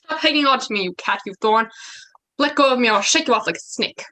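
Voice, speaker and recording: Teen girl as brash scornful young man, bright sharp voice, school play. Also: on the high side, expressive, quick pace, low-quality recording. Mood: angry. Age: teens.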